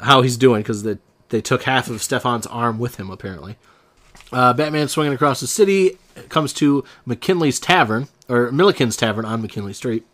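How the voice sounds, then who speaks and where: A man's voice: medium pitch, fairly bright tone. A man hosting a comic book show, casually retelling a story with lots of fillers and an enthusiastic, rambling manner. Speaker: comic book podcast host.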